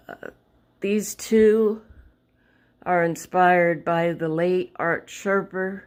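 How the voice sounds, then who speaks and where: A woman's voice: lowish voice, very slow, a little mellow. A woman casually showing her paintings in a home vlog, rambling, searching for words and correcting herself as she walks along a wall. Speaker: vlogger showing her artwork. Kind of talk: casual show-and-tell vlog.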